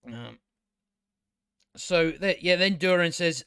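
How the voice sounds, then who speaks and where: A man's voice: fairly high pitch, lively intonation, moderate pace, a bit bright, dry recording, studio quality. A man giving a casual, ranting review of a show, blunt, sarcastic and profane, often restarting his sentences.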